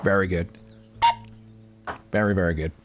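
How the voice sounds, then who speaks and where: A young man chatting casually to his live-stream viewers as he plays a game, playful and chatty, with sudden excited squeals. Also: low voice, moderate pace. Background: faint game music.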